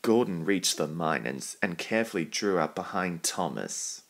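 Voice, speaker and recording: A man narrating a children's storybook in a calm, even reading voice. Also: low-pitched, moderate pace.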